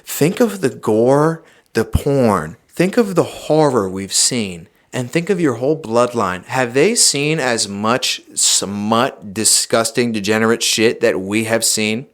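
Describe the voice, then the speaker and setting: A young man on a podcast, talking in a loud, preachy, emphatic way and swearing freely in casual chat. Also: medium pitch, lively intonation, slow pace. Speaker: podcast guest.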